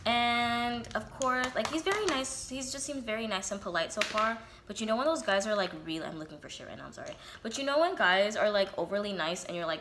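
A woman's voice: on the high side, animated, brisk, a bit bright, slight background noise. A young woman telling a casual, profane storytime, acting out both sides of the dialogue. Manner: candid and profane, quotes herself and others in reenacted dialogue. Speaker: vlogger. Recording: roomy echo, faint ambience.

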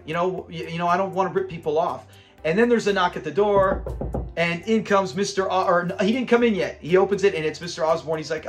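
A man's voice: high voice, fast talker, soft background music. A man hosting a casual episode review, animatedly retelling scenes, acting out quotes and laughing often. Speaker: show review channel host.

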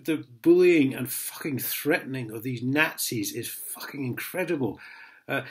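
An Englishman in an angry vlog rant, swearing heavily and mocking a letter he reads aloud. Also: mid-range voice. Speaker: vlogger.

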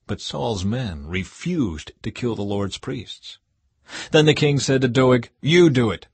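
Husky male Bible reader. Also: mid-range voice, slow pace, dry recording. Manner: steady, expressive reading. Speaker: audiobook narrator. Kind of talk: scripted Bible reading.

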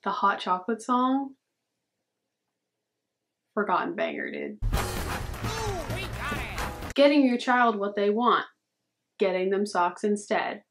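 A woman's voice: mid-range voice, big pitch swings, slow, long pauses, over music. A young woman vlogging casually, reacting to memes with sarcastic, chatty commentary. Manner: sarcastic, says "dude" a lot. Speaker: YouTuber.

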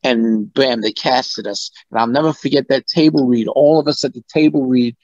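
A male guest musician tells stories in an interview, animated and acting out what people said. His medium-pitched voice moves at normal speed, in lo-fi sound without echo.

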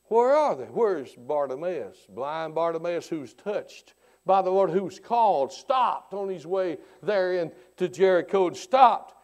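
A man preaching a sermon who swings from hushed tones to shouting and keeps repeating rhetorical questions in church. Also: sits high, expressive, takes it slowly. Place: church sanctuary.

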